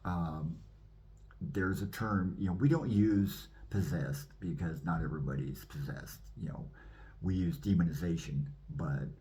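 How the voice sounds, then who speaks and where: Deep-voiced man telling his testimony. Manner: animated, acts out scenes. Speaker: minister giving his testimony. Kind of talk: personal testimony storytelling.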